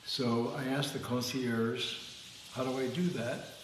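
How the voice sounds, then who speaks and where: A man's voice: medium pitch, fairly even intonation, a little slow. A man telling rambling anecdotes in casual chat over drinks, often checking in with "okay?". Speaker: co-host. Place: home bar. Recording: echoey room with long reverb, faint hiss.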